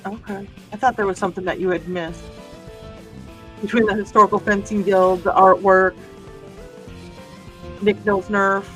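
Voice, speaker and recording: A woman's voice: mid-range voice, steady tone, normal speed, pauses often, a bit bright, faint music behind. A woman hosting a livestream in casual chat, reading viewer comments aloud and laughing often. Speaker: livestream host.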